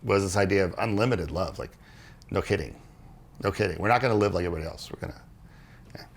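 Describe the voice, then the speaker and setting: Guy with a husky low voice chatting on a podcast, earnest, tells stories w little voices for people. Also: racing. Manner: earnest, animated storytelling with restarts and quoted dialogue. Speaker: podcast co-host explaining religious history. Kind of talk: casual conversational explanation.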